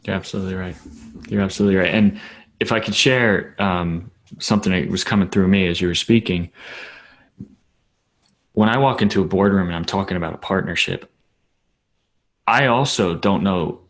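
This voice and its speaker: Earnest low-voiced man on a coaching call. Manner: earnest, heartfelt. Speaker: coaching client.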